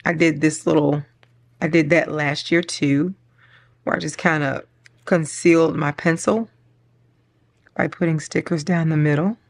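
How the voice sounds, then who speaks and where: This planner vlogger, a middle-aged woman, speaks in a low, steady voice at a slightly slow pace with frequent pauses. Decorating her planner, she chats and rambles, often laughing and at times getting emotional.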